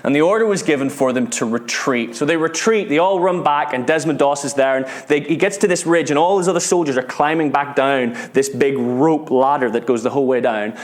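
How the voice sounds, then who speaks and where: A British man preaching a sermon, retelling a story with earnest feeling, often repeating words and dropping to a hush at tense moments. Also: fairly high pitch, fairly quick, hardly any pauses. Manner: earnest, repeats words, drops to hushed tones at dramatic moments.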